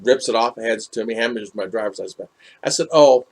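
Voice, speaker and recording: A man's voice: fairly low pitch, fast talker, darkish tone. A man from the United States telling a story in a casual vlog, acting out both sides of the dialogue and replying to live chat. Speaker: vlogger reading live chat.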